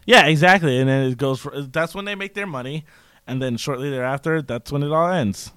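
A man co-hosting a casual podcast chat, animated and jokey, slipping into put-on voices. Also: a little high, brisk, clear, resonant tone, no room sound. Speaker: podcast co-host.

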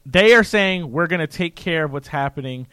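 Guy ranting on a podcast, kinda high voice, dry close sound. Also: moderate pace, smooth, no echo. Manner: animated, ranting, mocking voices. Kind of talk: casual political chat.

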